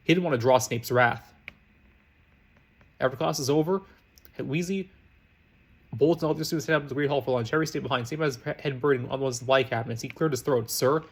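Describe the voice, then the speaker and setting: A man reading fan fiction aloud as a narrator, rushing along with frequent slips and restarts. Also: medium pitch, slight background noise. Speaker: reader.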